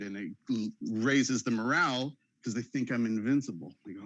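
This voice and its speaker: A man in his thirties, a father, telling long dad jokes in a relaxed chat on a video call. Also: medium pitch, fairly quick, few pauses, no room sound, highs cut off. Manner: jokey storyteller, full of dad jokes. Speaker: guest artist.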